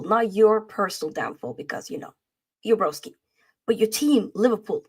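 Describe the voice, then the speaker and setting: A woman's voice: mid-range voice, animated, moderate pace, slightly rough. A woman co-hosting a casual football chat show, talking in a playful, trash-talking way full of slang. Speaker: podcast co-host.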